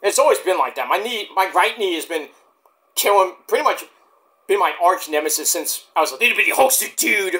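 A man's voice: high-pitched, lively intonation, fairly quick, bright, forceful tone. A man hosting a wrestling vlog, rambling casually to camera with profanity and self-deprecating asides. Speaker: wrestling vlogger.

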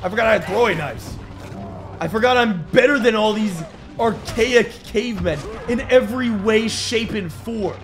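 A man giving jokey, excitable commentary while playing a video game, yelping and shouting when he panics. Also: high voice, moderate pace. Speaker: gaming YouTuber. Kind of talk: gameplay commentary. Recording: game music behind voice.

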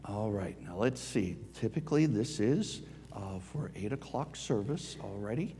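Chatty pastor in an echoing church. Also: male voice, on the low side, animated, unhurried, mellow. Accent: Midwestern American. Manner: friendly, chatty with children. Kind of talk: children's message and prayer. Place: church sanctuary. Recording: church hall reverb, faint hum.

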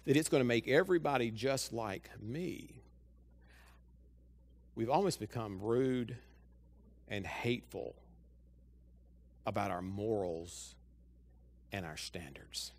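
In a church sanctuary, a male pastor with a lowish voice preaches a sermon slowly, pausing often. He is lively, addressing the congregation directly and firing off one rhetorical question after another.

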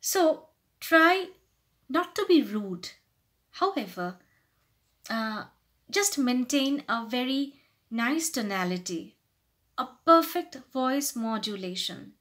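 A woman's voice: a little high, very animated, takes it slowly, long pauses, a bit bright. A woman vlogger giving casual advice to camera, earnestly explaining and acting out polite and rude phrases. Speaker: lifestyle vlogger.

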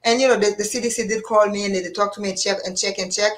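A woman's voice: mid-range voice, very fast. A woman hosting a casual live chat, talking freely with frequent restarts and bursts of laughter. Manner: animated, laughing, many restarts. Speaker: show host.

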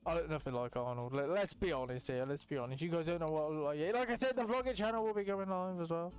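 Young male gaming host, high-ish voice, hyped rambling banter, faint music under. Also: fast talker. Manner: excitable, rambling, swears casually. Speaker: gaming YouTuber. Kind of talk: casual let's-play commentary.

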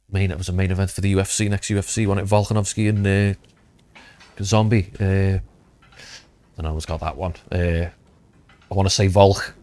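A man's voice: low-pitched, darkish tone. A man from around Liverpool giving casual gameplay commentary, rambling, thinking aloud and swearing. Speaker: gaming youtuber.

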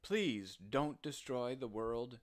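A man voicing Noah as a kind, anxious old farmer, speaking high and urgently. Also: takes it slowly, close to an everyday voice. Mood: pleading.

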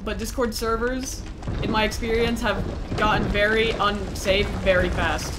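A young woman streaming a game, chatting playfully with her viewers and squealing when excited. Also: on the high side, normal speed, noisy background. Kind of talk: casual gameplay commentary.

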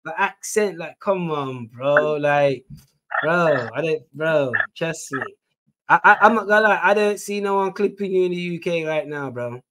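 A man with a British accent hosting a casual podcast chat, excited and slangy, often asking "you get me". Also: fairly high pitch, measured pace. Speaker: podcast host.

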